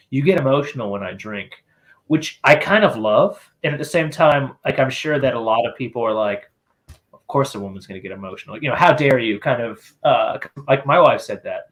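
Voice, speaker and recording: A man co-hosting a casual podcast chat, joking and laughing often. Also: mid-range voice. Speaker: podcast co-host.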